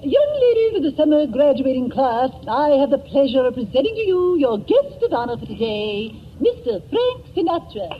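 A woman's voice: high-pitched, big pitch swings, moderate pace, hardly any pauses. A woman voicing a prim, stuffy headmistress of a girls' school in a 1940s radio comedy, with mannered, flustered speech. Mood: formal. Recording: hissy, muffled old radio broadcast.

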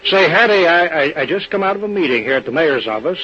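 An actor playing a folksy small-town businessman who talks in a slow, hesitant drawl in a vintage radio drama. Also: a little high, expressive, breathy edge. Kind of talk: 1940s radio acting. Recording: dull old radio recording.

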